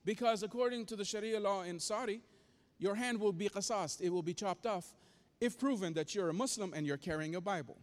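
A man's voice: high voice, fairly quick. A man preaching a sermon, telling a story with emphatic, dramatic delivery and re-enacted quotes. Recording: long hall reverb.

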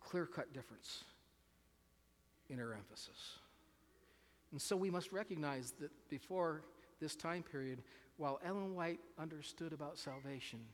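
In a reverberant hall, a man delivers an earnest sermon at normal speed. His voice runs on the high side. He repeats words often and asks his listeners questions.

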